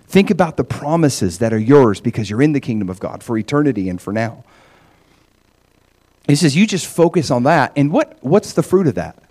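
A middle-aged man preaching a sermon, animated, often acting out voices in quotes. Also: on the high side. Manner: animated, acts out God's voice in quotes. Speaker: pastor.

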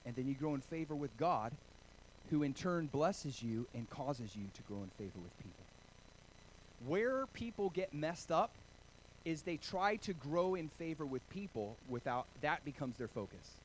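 A man from Oregon preaching a sermon, telling stories with animated, self-deprecating humor. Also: a little high, normal speed, a little hiss or hum, low-quality recording. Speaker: pastor.

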